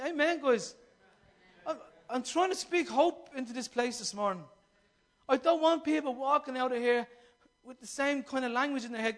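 A man delivering a fervent sermon in a strikingly high voice. He keeps asking the congregation questions and slips into the voices of the people he quotes. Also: moderate pace, a bit bright. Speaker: preacher. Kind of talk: impassioned sermon.

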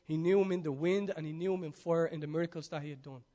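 A man preaching a sermon, swinging between loud urging and hushed, almost whispered passages. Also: a little high, steady tone, quick pace.

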